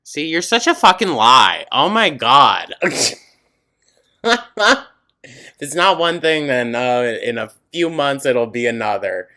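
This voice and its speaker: A man's voice: mid-range voice, big pitch swings, slow, pushed and bright. A man giving scornful, sarcastic commentary over a video clip, swearing freely. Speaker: reaction commentator.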